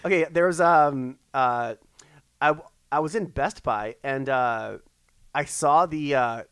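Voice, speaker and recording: A man's voice: mid-range voice, slow, fairly bright tone, clear, resonant tone, no echo. A man co-hosting a podcast, telling rambling stories full of restarts. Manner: rambling, lots of fillers and restarts. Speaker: podcast co-host. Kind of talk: casual chat.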